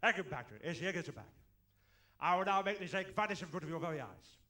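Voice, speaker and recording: A man's voice: sits high, animated, fast talker, pushed and bright. A man playing a middle-aged stage magician-comedian on a club stage, chuckling and muttering between one-liners and botched tricks. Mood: bumbling. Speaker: tribute comedian.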